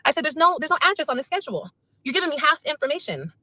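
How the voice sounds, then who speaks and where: Fast-talking high-voiced frustrated woman. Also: sing-song, pushed and bright, dry recording. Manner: venting, repetitive, frustrated. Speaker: mother speaking on a livestream. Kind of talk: emotional livestream rant.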